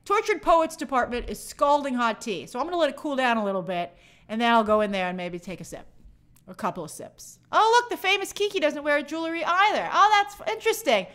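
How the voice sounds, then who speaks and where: A woman hosts a casual live stream, reading out viewer comments and answering each with quick, chatty opinions. Her voice is fairly high and strikingly bright. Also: big pitch swings. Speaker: movie channel host answering viewer questions.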